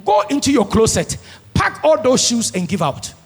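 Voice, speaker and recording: A man preaches in a high, husky voice. He swings between quiet asides and shouted, half-sung lines. The sound rings with the long reverb of a large church hall. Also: big pitch swings, moderate pace. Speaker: pastor. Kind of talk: sermon.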